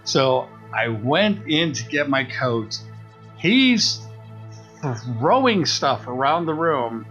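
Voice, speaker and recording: The recording is muffled, with faint music underneath, as a slightly high-voiced man slowly recounts a story. He's a podcast co-host, keeping it casual and lively while acting out each person's voice.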